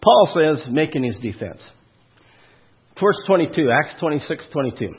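With a fairly high, very animated voice that has a breathy edge, this preacher moves at normal speed through a folksy, punchy sermon, firing rhetorical questions at listeners and stressing key words with sudden loudness. The audio is tinny, like a phone line.

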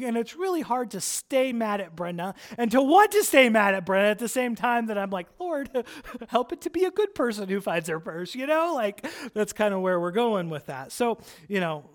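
Man, high voice, preacher, animated storytelling, casual filler words. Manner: animated, chatty, lots of "like" and "right?". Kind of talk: storytelling sermon.

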